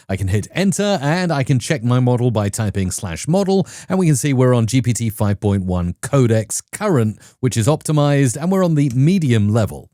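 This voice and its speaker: A man's voice: medium pitch, very animated, fairly quick, few pauses, warm tone, no echo, clean studio sound. A man hosting a tech video and talking through his tests in an upbeat, conversational way. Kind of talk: enthusiastic tech review narration.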